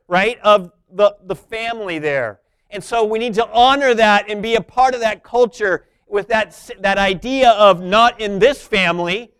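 A man preaching a sermon, moving between soft, intimate asides and loud, emphatic points. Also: high-pitched, smooth. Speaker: pastor.

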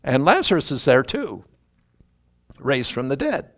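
A man's voice: medium pitch, sing-song, measured pace, fairly bright tone. A man teaching the Bible verse by verse in a conversational, musing way, openly admitting what he doesn't understand.

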